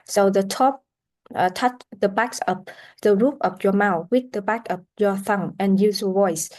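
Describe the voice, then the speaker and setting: A woman leads a pronunciation lesson at a middle pitch, halting on fillers as she explains each sound. She repeats sounds and words slowly so students can copy them. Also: darkish tone. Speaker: pronunciation teacher.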